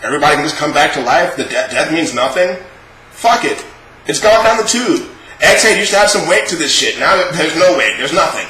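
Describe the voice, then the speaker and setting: A man's voice: a little high, lively intonation, a little fast, bright, forceful tone, slight background noise. A young man in a casual, profane rant, reviewing a show with exasperated sarcasm. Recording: echoey room.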